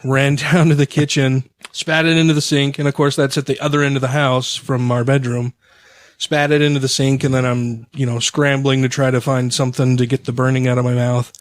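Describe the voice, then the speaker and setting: A man's voice: medium pitch, level tone, fairly quick, no room sound, clean studio sound. A man co-hosting a podcast, telling a long story in casual, profane chat. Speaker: podcast co-host.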